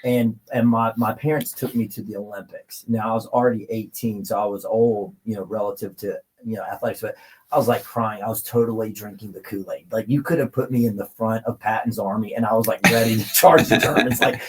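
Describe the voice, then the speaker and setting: Male guest, forties, low and husky, rambling and emotional storyteller. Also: fairly even intonation, fairly quick, darkish tone, low-quality recording. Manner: rambling, filler-heavy, emotional.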